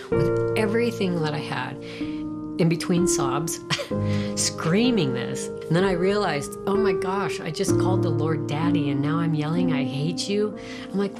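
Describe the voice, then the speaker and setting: A woman's voice: sits low, animated, normal speed. A woman giving a reflective, emotional personal testimony. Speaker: testimony speaker. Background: loud guitar music.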